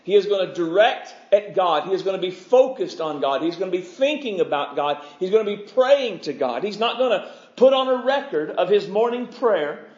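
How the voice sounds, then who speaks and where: A man's voice: high voice, lively intonation, normal speed, hardly any pauses, darkish tone. A man preaching an expository sermon, fervent and emphatic, stacking repeated phrases. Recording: dull lo-fi recording.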